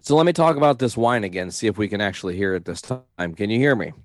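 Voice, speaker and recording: A man co-hosting a podcast in casual chat, explaining things in a relaxed, wry way. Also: on the low side, fast talker, no echo. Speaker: podcast co-host.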